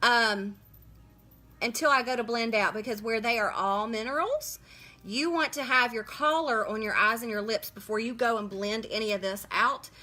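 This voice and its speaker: A chatty woman runs a live makeup tutorial, talking viewers through each step and greeting them by name as they join. Her voice sits a little high and sounds bright and forceful. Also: normal speed. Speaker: makeup livestream host.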